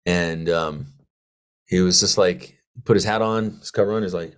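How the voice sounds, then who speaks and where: A man, a Marine veteran guest, telling stories in a casual interview, profane and animated, acting out quoted dialogue. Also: low voice, normal speed, clear, resonant tone.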